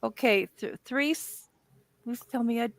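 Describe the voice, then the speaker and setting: A woman's voice: fairly high pitch, a little slow, no echo. A woman hosting a casual chat while playing an online dice game, playfully cheering on the rolls. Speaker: host.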